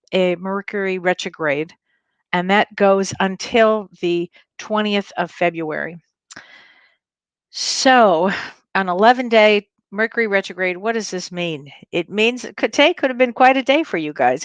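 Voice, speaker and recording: A woman's voice: mid-range voice, clean tone, no room sound. Bubbly woman chatting on a home livestream, lots of laughs, dry close sound. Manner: bubbly, effusive, laughs often. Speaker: host and spiritual medium. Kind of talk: casual livestream chat.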